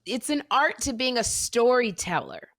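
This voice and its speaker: A woman co-hosting a podcast in casual chat, giving effusive praise and slowing down for emphasis. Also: on the high side, sing-song, no room sound, studio quality. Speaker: podcast co-host.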